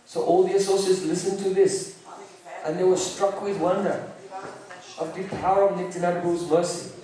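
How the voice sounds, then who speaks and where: A man telling a sacred story in a sermon, with deliberate, vivid delivery and sometimes breaking into song. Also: high-pitched, steady tone, dark tone. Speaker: preacher. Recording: very echoey room, mic far off.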